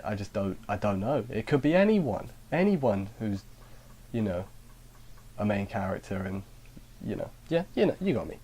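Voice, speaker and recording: A man with a somewhat low voice talks through an anime review in a loose, rambling way. He often breaks off mid-sentence and restarts, and he slips in dry, sarcastic asides. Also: creaky, a little mellow. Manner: rambling, sarcastic, self-interrupting. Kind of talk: casual spoken review.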